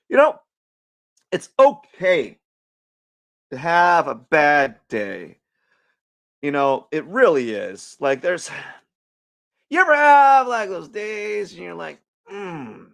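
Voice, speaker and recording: Goofy rambling man with a lively voice. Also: fairly high pitch, gravelly. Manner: goofy, rambling, with playful shouting. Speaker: livestream artist host. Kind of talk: casual drawing livestream chat.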